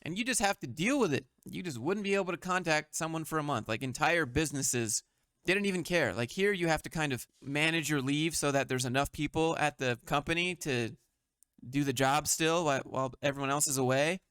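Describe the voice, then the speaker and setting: Man, blunt and mocking commentary host, slightly high voice, dry close-mic sound. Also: a little fast, fairly bright tone, clean tone, dry recording. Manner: blunt and mocking, with frequent swearing. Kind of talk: sarcastic meme commentary.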